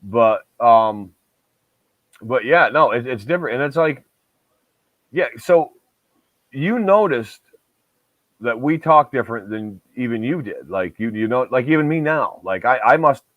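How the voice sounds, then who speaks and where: Man, upstate New York accent, rambling casual chat, mid pitch, dry dull lo-fi sound. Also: lively intonation, measured pace, pauses often, no room sound. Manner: rambling, self-interrupting. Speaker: podcast co-host.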